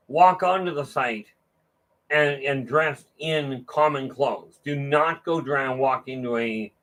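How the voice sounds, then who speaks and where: A man's voice: medium pitch, fairly bright tone, low-quality recording. A man giving an informal motivational talk, rambling and restarting often, acting out the voices of people in his stories. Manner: rambling storytelling with frequent restarts; acts out dialogue with raised voice. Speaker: motivational speaker. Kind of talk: casual monologue.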